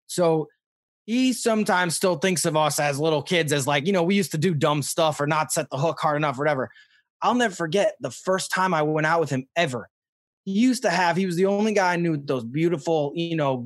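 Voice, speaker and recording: A young man from Missouri telling stories in a casual interview, rambling and excitable with many fillers. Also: a little high, no room sound, clean studio sound. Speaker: podcast guest, fishing show host.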